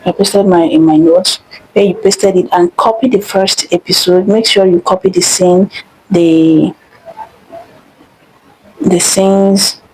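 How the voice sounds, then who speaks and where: A woman's voice: on the low side, fairly even intonation, slow, pauses often, darkish tone, slightly rough, poor audio. A young woman hosting a screen-recorded tutorial, chatty and instructive, often repeating herself. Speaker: tutorial host.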